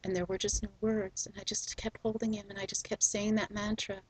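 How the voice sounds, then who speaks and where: A middle-aged woman hosting a spiritual video, telling a personal story in a soft, slow, gentle way with frequent ums. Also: medium pitch, level tone, slightly rough, poor audio.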